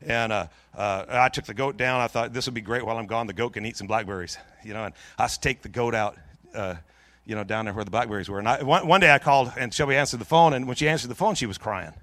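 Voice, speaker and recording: A middle-aged man preaching in a church, telling a long personal story in a jokey, lively way with many restarts. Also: mid-range voice, fast, dry recording. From Pacific Northwest of the US. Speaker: pastor. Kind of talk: storytelling sermon.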